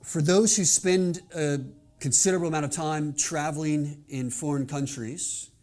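A male pastor delivering a sermon, opening with a quiet prayer and then speaking in an earnest, measured way. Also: on the high side, steady tone. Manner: earnest, measured preaching with soft prayerful passages.

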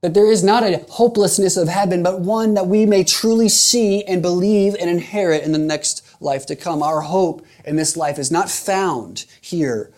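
A man's voice: high-pitched, moderate pace, few pauses, a little mellow. A man preaching a sermon in an earnest, emphatic way, repeating phrases for rhetorical weight.

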